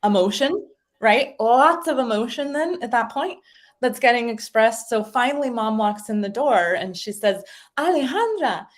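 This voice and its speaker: A woman talking as a guest, explaining ideas in a casual, animated way and acting out little voices as she goes. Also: fairly high pitch, moderate pace. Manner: animated, acts out little voices in her stories. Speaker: guest speaker explaining identity.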